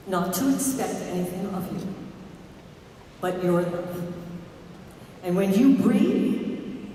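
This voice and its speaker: A woman giving a live spiritual talk to an audience. She often quizzes the listeners and slows down to stress key words. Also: medium pitch, mellow, slight background noise. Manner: asks the audience questions, slows down for emphasis. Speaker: spiritual speaker. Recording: echoey hall from far off.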